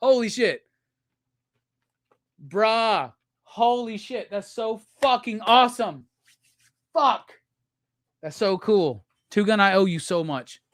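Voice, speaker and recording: A man hosting a live stream, unboxing gifts and gushing with loud, profane excitement. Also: high-pitched, slow pace, pauses often, no echo, studio quality. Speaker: live show host.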